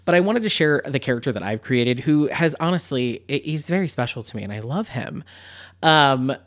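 A man's voice: mid-range voice, expressive, normal speed, fairly bright tone. Chatty laughing podcast host man. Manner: chatty, laughs often, playful asides. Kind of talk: casual chat and reading aloud.

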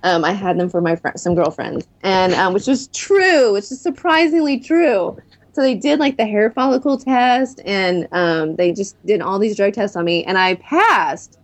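A woman's voice: mid-range voice, lively intonation, normal speed. A woman in her thirties, a guest in an interview, candidly telling her own story of recovery. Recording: dull lo-fi recording.

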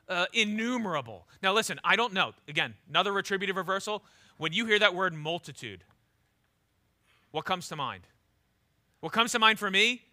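Male pastor, sermon; high, sharp, forceful voice; emphatic, drops low for weight, repeats words mid-thought. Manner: emphatic preaching, swings from loud to low and intense.

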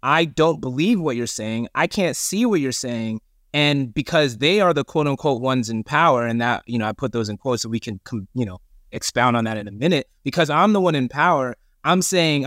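A man's voice: fairly high pitch, fairly bright tone, dry recording, studio quality. A man talking as a podcast guest, earnest and emphatic, with casual slang. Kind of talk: conversational interview.

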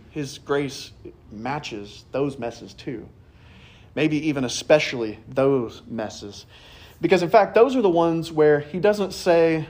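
Guy preaching a sunday sermon, kinda higher voice, chatty storytelling, does the voices of people he quotes.

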